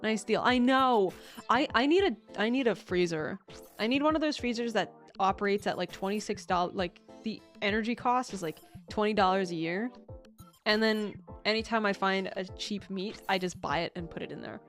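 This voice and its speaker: A woman's voice: mid-range voice, moderate pace, soft background music. A young woman streamer in a casual chat, talking freely, swearing and laughing often.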